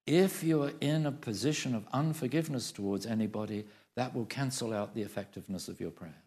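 A man's voice: mid-range voice, a little fast, a little mellow. A man preaching a sermon, emphatic, repeating phrases for stress and asking the congregation questions.

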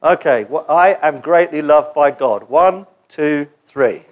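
A man preaching a sermon in a church gathering, animated and joking as he leads the congregation in call-and-response. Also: on the high side, takes it slowly, dull audio.

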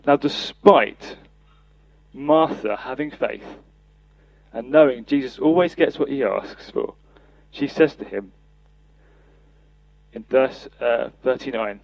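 A man's voice: mid-range voice, takes it slowly, vocal fry, no echo, poor audio. A man preaching a sermon, earnest, reading and acting out scripture quotes for a podcast. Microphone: podcast mic.

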